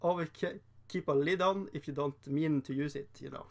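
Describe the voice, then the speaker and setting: A man's voice: on the high side, moderate pace, gravelly. A man casually chatting on a painting livestream, rambling, laughing often and reading the chat aloud. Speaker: streamer painting miniatures.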